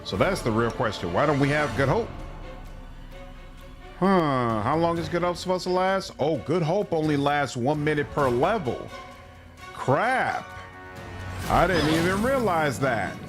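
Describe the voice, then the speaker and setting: A man's voice: on the high side, animated, unhurried, pauses often. A man streaming a role-playing game, chatting casually in a laid-back way and reading game text aloud. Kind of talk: casual gaming commentary. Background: faint game music.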